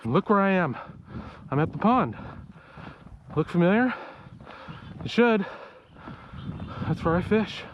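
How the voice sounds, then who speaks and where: A man's voice: sits high, expressive, unhurried, pauses often, dull audio, background noise. A man out of breath, chatting casually to the camera while he hikes uphill outdoors on a trail. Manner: chatty, self-talking while walking uphill. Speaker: outdoor vlogger. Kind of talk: casual hiking vlog.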